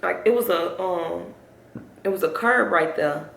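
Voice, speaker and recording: This young female vlogger speaks in a lowish, gravelly voice with a fairly bright tone, taking her time. She rambles through a personal story, talking directly to her viewers, in a room with noticeable echo.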